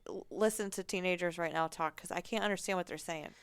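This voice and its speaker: A woman co-hosts a relaxed podcast chat and jumps in with wry, teasing comments. Her voice is smooth and clear, and the recording is dry and close. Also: on the low side, fast, no echo. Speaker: podcast co-host. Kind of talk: casual chat.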